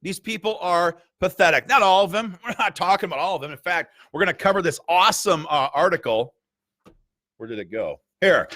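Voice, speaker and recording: A man's voice: sits high, expressive, a little fast, pushed and bright, dry recording. A man hosting a political commentary, reading emails aloud in a combative, sarcastic and mocking way. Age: adult with a school-age child. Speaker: gun rights group host.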